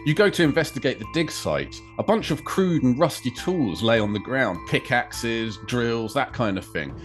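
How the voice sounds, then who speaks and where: A man's voice: mid-range voice, big pitch swings, normal speed, faint music behind. A man hosting a podcast, playfully narrating a choose-your-path game scenario. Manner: playful, chatty storyteller. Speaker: podcast host and game master.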